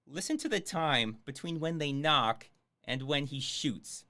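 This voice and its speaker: A man's voice: a little high, lively intonation, unhurried, very noisy. A man giving sarcastic, swearing live commentary on a film as he streams it. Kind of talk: casual livestream commentary.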